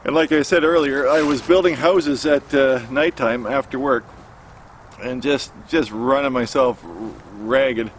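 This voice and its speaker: A middle-aged man recounting a personal story outdoors, his voice pitched in an ordinary middle range. He speaks haltingly, full of fillers and restarts, like a casual vlogger by a campfire. A faint hum of outdoor noise sits behind him. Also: fairly even intonation.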